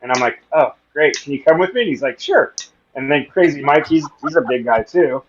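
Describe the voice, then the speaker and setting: A man with a fairly high pitch talks a little fast on a muffled recording with crowd noise. He's a podcast guest telling funny stories casually, animatedly acting out the people involved and laughing often.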